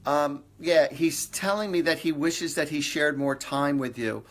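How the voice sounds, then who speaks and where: Speaking at a measured pace in a voice on the high side, a middle-aged psychic medium gives a live-stream reading for viewers. He passes on reassuring messages earnestly, repeats himself often and jokes a little.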